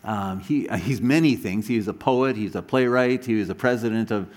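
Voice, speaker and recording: A man's voice: fairly low pitch, fairly quick, a little mellow. A man preaching a sermon, telling stories animatedly with frequent restarts and asides. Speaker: pastor.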